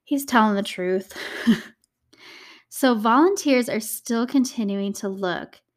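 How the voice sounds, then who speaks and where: A woman's voice: fairly high pitch, takes it slowly. A young woman hosting a true crime podcast, telling the case in a chatty, casual way with emotional asides and many "like"s. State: choked up, tearing. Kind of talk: casual storytelling.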